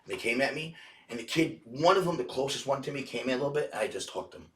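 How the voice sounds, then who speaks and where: A man's voice: medium pitch, expressive, fast talker, a bit bright. A man telling a long story as a podcast guest, casual and profane, full of restarts and filler words. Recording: roomy, distant mic.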